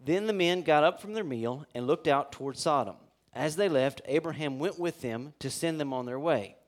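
Man, pastor, sermon, scripture reading, conversational, fairly high voice. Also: moderate pace. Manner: conversational, with restarts and asides to the congregation.

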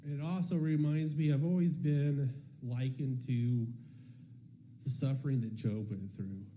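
A man's voice: medium pitch, warm tone, a little hiss or hum. A man sharing a personal testimony in church, telling the story casually and acting out bits of dialogue.

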